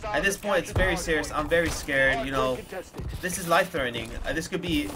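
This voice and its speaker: A man's voice: a little high, fairly quick. Emotional young man telling a story. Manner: casual, emotional retelling with swearing and repeated fillers. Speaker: gaming YouTuber.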